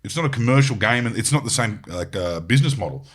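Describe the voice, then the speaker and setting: A man's voice: medium pitch, lively intonation, quick pace. An Australian man hosting a podcast, rambling and swearing freely in casual chat, with frequent "you know"s. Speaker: podcast host.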